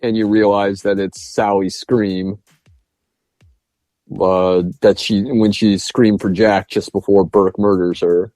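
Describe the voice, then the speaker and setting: A man's voice: on the low side, level tone, slow, mellow, dry recording, soft background music. A man co-hosting a podcast, chatting casually about a movie and acting out its lines with laughs. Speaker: podcast co-host. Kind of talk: casual film review chat.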